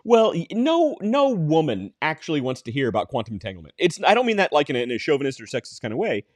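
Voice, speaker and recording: A man co-hosting a podcast, joking around in casual banter with deadpan mock-serious news. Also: a little high, fast, no room sound, studio quality. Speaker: podcast co-host.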